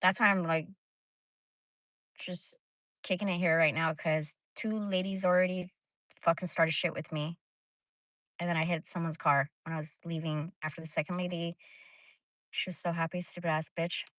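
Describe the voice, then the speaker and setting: A woman's voice: fairly low pitch, steady tone, moderate pace, pauses often, a bit bright, no echo. A woman hosting a casual livestream, ranting bluntly and swearing freely. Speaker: livestream host.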